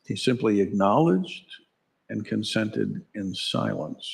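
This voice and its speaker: Slow-talking man with a husky low voice giving a wry, conversational dharma talk in a temple. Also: sing-song. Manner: conversational, wry, asks the audience questions. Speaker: dharma teacher. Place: temple hall.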